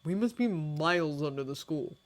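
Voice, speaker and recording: A woman voicing a brave young schoolboy wizard, earnest and calling out, close to her own low voice. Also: lively intonation, normal speed.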